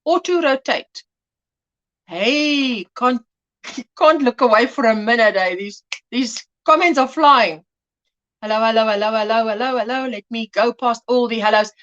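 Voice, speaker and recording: Lively high-voiced woman. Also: a little slow, lo-fi sound. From South Africa. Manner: chatty, greets viewers and reads comments aloud. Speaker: crochet livestream host. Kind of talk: casual live-stream chat. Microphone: phone.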